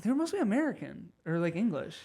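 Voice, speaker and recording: Male podcast host; light, higher pitch, chatty storyteller, restarts often. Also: very animated, fast talker, dark tone, breathy edge. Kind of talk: casual podcast chat.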